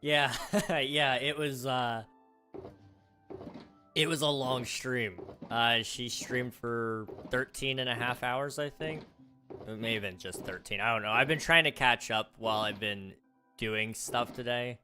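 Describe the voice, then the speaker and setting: A man's voice: medium pitch, unhurried, over music. A man chatting casually with his viewers on a livestream, rambling and poking fun at himself. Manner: rambling, chatty, self-deprecating.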